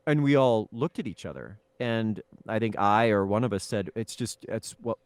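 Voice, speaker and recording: A man, a film actor, telling lively anecdotes in a casual interview, with chuckles and restarts. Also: on the low side, normal speed, clear, resonant tone, no echo.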